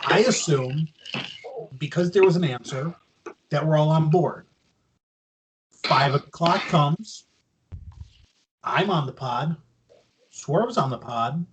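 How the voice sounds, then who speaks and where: A man's voice: fairly high pitch, a little hiss or hum, low-quality recording. A man co-hosting a podcast, telling a teasing story about a late friend in casual banter. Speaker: podcast co-host.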